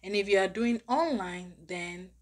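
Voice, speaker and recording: A woman's voice: mid-range voice, measured pace. A woman giving a step-by-step tutorial on a cashback app for her vlog, explaining plainly. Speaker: finance app reviewer.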